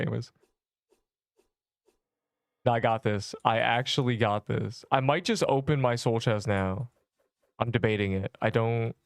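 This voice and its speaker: A man's voice: medium pitch, gravelly, dry recording, clean studio sound. A young man chatting casually while streaming a game, joking with viewers and breaking into mock-dramatic outbursts. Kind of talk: casual livestream chat while gaming.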